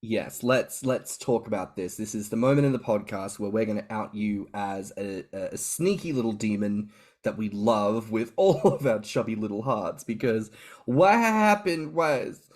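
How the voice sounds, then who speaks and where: A man co-hosting a podcast, telling stories in an animated way, swearing and laughing freely. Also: fairly low pitch, moderate pace. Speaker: podcast co-host. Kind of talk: casual podcast chat.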